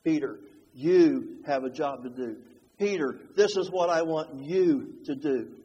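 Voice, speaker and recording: A man preaching a sermon, moving between hushed, slow passages and fervent, rising ones. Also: on the high side, slightly rough, lo-fi sound. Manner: dynamic, swings from hushed to fervent. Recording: long hall reverb.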